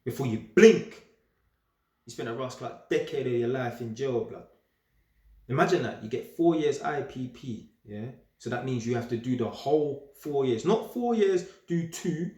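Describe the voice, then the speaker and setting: A young man speaks in a casual, streetwise monologue full of slang. He is animated and emphatic, with a middle-pitched voice. The sound carries a roomy echo. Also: moderate pace. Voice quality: streetwise slang-heavy talk. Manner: animated, emphatic, repeats himself. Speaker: vlogger. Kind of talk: casual straight-talking monologue.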